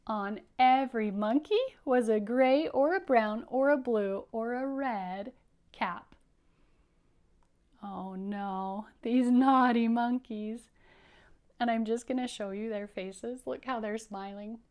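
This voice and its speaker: A woman teacher reading a picture book aloud to young children, animated and encouraging, inviting them to repeat lines. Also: fairly high pitch, slow, clean tone. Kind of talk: children's story read-aloud lesson.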